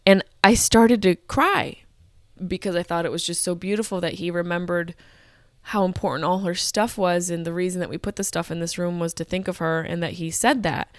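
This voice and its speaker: A woman's voice: on the low side, steady tone, normal speed, no room sound, clean studio sound. A woman in her thirties telling a personal story as a podcast host, candid, emotional and full of swearing. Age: 30s.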